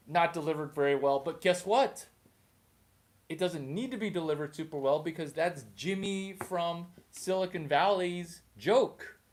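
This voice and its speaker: Lively male comedian, slightly high voice, jumpy and rambling monologue. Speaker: stand-up comedian.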